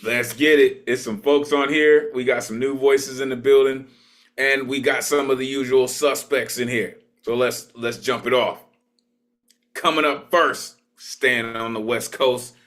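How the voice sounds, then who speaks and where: A man's voice: mid-range voice, fairly bright tone. A man hosting an online open mic over a video call, introducing poets with emphatic, repetitive praise.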